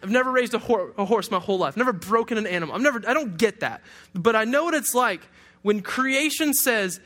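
A young man from Detroit delivers a sermon in a notably high voice. He preaches in a loose, joking way, with humorous asides to his listeners. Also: expressive, brisk, hardly any pauses, bright, forceful tone. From Detroit, USA. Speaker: pastor.

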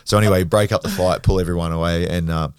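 An Australian man, a podcast guest, telling stories in a blunt, animated way and swearing freely. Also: deep voice, fast talker, clean tone, dry recording, clean studio sound. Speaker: podcast guest, grappler and former rugby league player. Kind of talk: casual storytelling.

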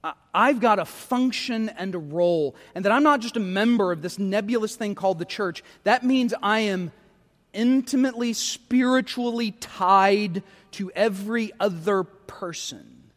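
A middle-aged man preaching a sermon as pastor, talking conversationally and poking fun at himself, often checking in with a quick "right?". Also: high-pitched, animated, in a large hall. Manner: conversational, self-deprecating, frequent tag questions. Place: church sanctuary.

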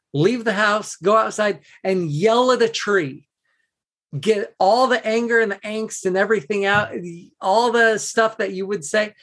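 Relaxed podcast host giving advice. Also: mid-range voice. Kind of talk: casual conversational advice.

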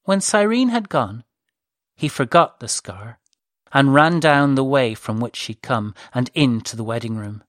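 Slow, measured audiobook narrator. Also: mid-range voice, no room sound, studio quality. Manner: measured and even.

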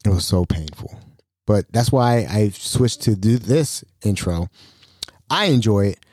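A man's voice: on the low side, expressive, a little slow, a little mellow, no echo, studio quality. A man hosting his own podcast in casual solo talk, rambling and self-mocking, laughing often. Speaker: podcast host.

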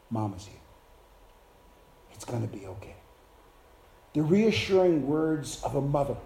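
A man preaching a sermon, swinging from soft, hushed passages to loud, shouted climaxes. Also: fairly high pitch, slight background noise.

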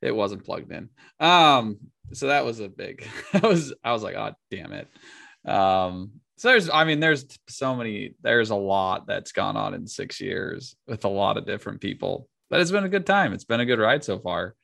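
A man's voice: fairly low pitch, sing-song, moderate pace, vocal fry, pushed and bright, no echo. Dry-sounding man, casual podcast chat. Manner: laughs often while telling stories. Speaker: podcast co-host.

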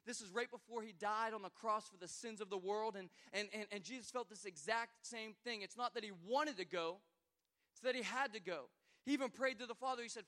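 A man in his thirties delivers a sermon in a notably high voice. He often restarts his phrases and moves between loud calls to the congregation and quiet personal storytelling. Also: fairly quick. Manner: preaching with many repeated starts, swinging from loud exhortation to quiet storytelling. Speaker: pastor.

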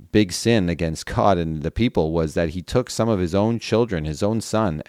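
A man's voice: low voice, darkish tone, no echo, studio quality. A man reading scripture aloud for a Bible podcast, in an earnest reading voice with occasional casual asides. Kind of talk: Bible reading with brief commentary.

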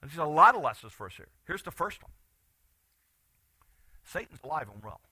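A man preaching a sermon as pastor, animated, swinging from loud bursts to quiet asides. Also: on the high side, normal speed, husky, no room sound.

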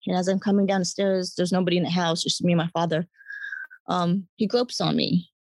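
Woman guest, personal testimony, halting reflective delivery, dry recording. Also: fairly low pitch, little pitch movement, darkish tone, no echo. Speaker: interview guest.

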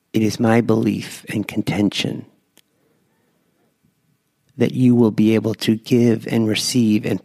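A man guiding listeners through a slow, gentle breath prayer. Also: fairly low pitch, gravelly, slightly rough, no echo. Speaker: prayer leader.

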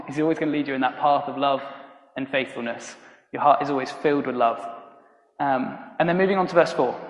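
A man preaching a sermon in a loose, conversational way, with frequent ums and restarts. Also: mid-range voice. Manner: conversational and halting, many ums and restarts, laughs at own stories. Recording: roomy hall reverb.

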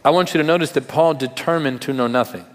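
A man's voice: medium pitch, fast talker, in a large hall. A male pastor giving a sermon in a conversational way, with rhetorical questions and humor.

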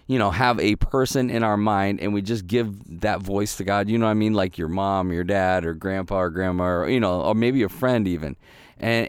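Middle-aged pastor, clear resonant voice, dry close sound, easy storytelling sermon. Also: male voice, fairly low pitch, dry recording. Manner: casual and storytelling, with many restarts and fillers. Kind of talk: conversational sermon.

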